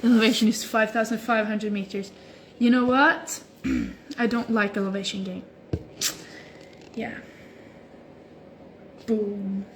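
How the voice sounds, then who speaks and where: Speaking slowly with long pauses at a medium pitch, a young woman livestreams from her phone at home while stretching. She answers viewer comments in an easy, chatty way heavy on "like," against slight background noise.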